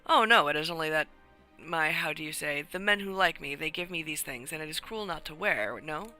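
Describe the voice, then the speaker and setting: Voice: medium pitch, fairly quick, sharp tone, faint music behind. A streamer doing a coy Spanish countess. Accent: put-on Spanish accent. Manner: broken English, dramatic and coquettish.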